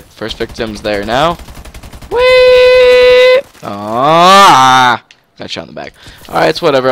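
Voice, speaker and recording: A man giving casual gameplay commentary, excitable, with sudden shouts and yelps. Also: medium pitch, creaky, a little hiss or hum. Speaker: gaming commentator.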